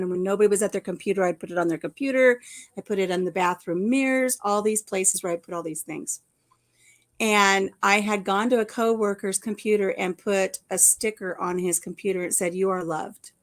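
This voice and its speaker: A middle-aged woman hosting a casual livestream chat, telling stories and acting out quoted lines, laughing often. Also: mid-range voice. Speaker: host.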